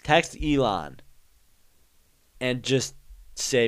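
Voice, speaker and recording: A man's voice: medium pitch, big pitch swings, very slow, pauses often, fairly bright tone. A young man hosting his own podcast, talking alone in a rambling, joking, ranting way. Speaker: podcast host. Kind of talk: casual solo monologue.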